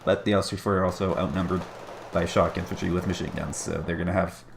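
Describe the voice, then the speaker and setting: Male caster, deep and gravelly, casual wry play-by-play for a strategy game. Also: steady tone, fast talker, a little hiss or hum. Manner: chatty, wry, self-deprecating asides.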